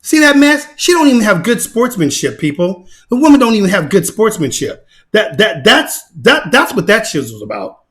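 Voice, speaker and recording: An excitable man talks over a fight video in casual commentary, laughing and repeating himself. His voice is very high and bright, and it swoops up and down in a lively way. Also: normal speed. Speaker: channel host.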